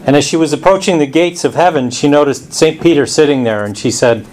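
A man, a community administrator, giving a casual address at a residents' meeting with relaxed storytelling. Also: fairly high pitch, fairly quick, a little hiss or hum.

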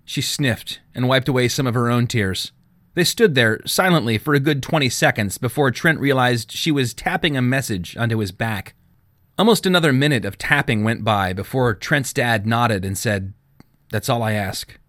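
A male audiobook narrator reading fiction with expressive storytelling. His pitch moves a lot, and the recording is dry and close. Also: normal speed, dry recording. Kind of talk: scripted narration.

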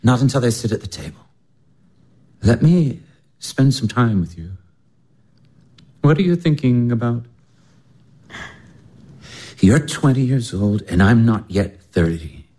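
Gentle lovestruck young baron, 20s, earnest, mid voice, radio play. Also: male voice, medium pitch, animated, unhurried, pauses often, husky. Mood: tender.

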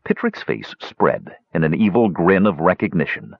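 Husky-voiced man narrating a fantasy audiobook. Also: sits low, very animated, moderate pace, hardly any pauses, no echo, muffled recording. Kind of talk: scripted narration.

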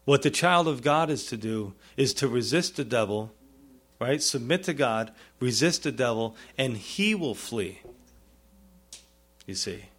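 A man preaching a sermon as a pastor, earnest, with pleading rises and soft low drops, often asking "you see?" and "right?". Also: lively intonation, unhurried.

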